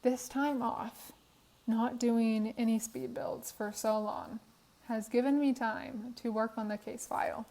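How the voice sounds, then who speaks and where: A woman's voice: on the high side, fairly even intonation, a little slow, dark tone, rough recording. A tired young woman with a worn voice, chatting casually in a voiceover about a game build, laughing often, recorded on her phone in her apartment. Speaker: Sims speed build creator. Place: apartment room.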